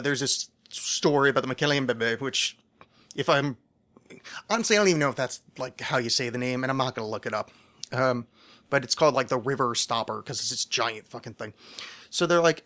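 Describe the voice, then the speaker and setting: Bright-voiced man rambling on a podcast. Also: medium pitch, animated, brisk. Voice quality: rambling, profane, self-deprecating. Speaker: podcast host. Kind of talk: casual solo podcast monologue.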